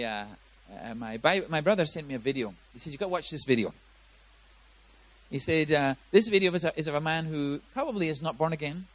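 Emphatic preaching man, slightly high voice. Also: rough recording. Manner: emphatic preaching with swings in loudness and pace, repeats words. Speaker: pastor. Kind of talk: sermon.

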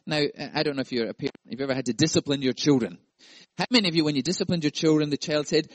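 A man's voice: a little high, fast, no room sound. A male pastor preaching a sermon, playful and jokey, acting out voices.

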